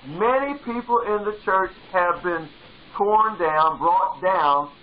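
High-voiced fervent preaching man. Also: takes it slowly, phone-quality sound, a little hiss or hum. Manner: fervent, repeats phrases for emphasis. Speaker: pastor. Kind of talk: sermon.

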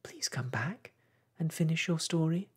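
A man's voice: a little high, wildly swooping pitch, a little slow, darkish tone, slightly rough, pitched above the performer's own voice, exaggerated voice. A man doing a polite, pleading young girl in whispered role-play. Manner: humble and pleading.

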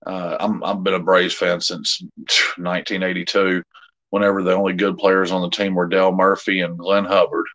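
A man's voice: low-pitched, little pitch movement, normal speed, fairly bright tone, lo-fi sound. A middle-aged man, chatting casually with viewers as co-host of a live jewelry sale, rambling and easygoing with many fillers.

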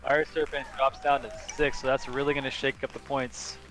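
Excited man calling a drone race. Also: mid-range voice, over a noisy crowd. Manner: excited, quick play-by-play. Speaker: race commentator. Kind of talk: live race commentary.

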